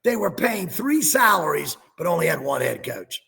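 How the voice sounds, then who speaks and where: A man on a sports talk show rants and mocks with a high, swooping delivery. His voice is deeply gravelly. A long reverb hangs on the recording. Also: very animated, normal speed, bright, forceful tone. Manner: ranting, sarcastic.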